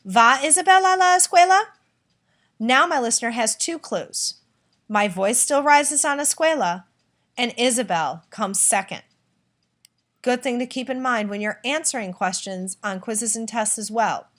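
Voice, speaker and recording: A woman teaching a recorded lesson, explaining clearly and patiently and acting out example sentences. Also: a little high, measured pace, fairly bright tone. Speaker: Spanish teacher.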